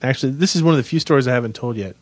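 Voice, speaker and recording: Man, 50s, podcast co-host, even voice, dry close sound, deadpan self-mocking storyteller. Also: medium pitch, rapid-fire, husky, dry recording. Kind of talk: casual storytelling chat.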